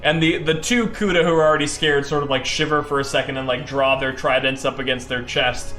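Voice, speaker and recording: A man's voice: a little high, moderate pace, hardly any pauses, pushed and bright, echoey room, faint music behind. A man narrating his own solo tabletop game in a loose, rambling way, full of fillers.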